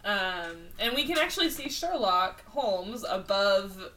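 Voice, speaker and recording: A woman co-hosting a podcast, chatting casually about an animated film, self-mocking and laughing often. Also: mid-range voice, takes it slowly, distant mic, slight background noise, rough recording. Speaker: podcast co-host.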